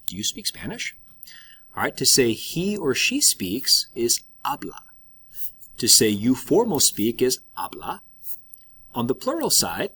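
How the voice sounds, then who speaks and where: A man's voice: mid-range voice, bright, forceful tone, breathy edge. A man teaching a recorded lesson, explaining step by step with patient check-ins. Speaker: Spanish teacher.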